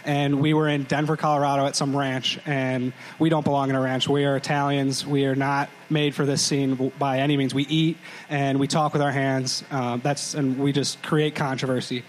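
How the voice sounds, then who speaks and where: A man's voice: mid-range voice, level tone, moderate pace, hardly any pauses, slight background noise, rough recording. A young man co-hosting a live podcast show, telling a childhood story with joking asides and careful scene-setting. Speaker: podcast co-host. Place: live stage before a crowd.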